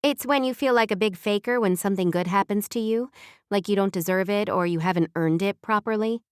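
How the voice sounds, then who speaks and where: A woman voicing a calm, wise female mentor in an audiobook, explaining steadily with a dry, close sound. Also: medium pitch, a little fast, clear, resonant tone, no room sound, lightly acted. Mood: earnest.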